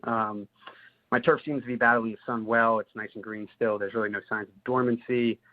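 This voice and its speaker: A man's voice: medium pitch, fairly even intonation, fairly quick. A man with a New Jersey accent calls in with a detailed, methodical question, using some "uh" fillers. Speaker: caller. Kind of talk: recorded listener question. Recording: tinny phone-line recording.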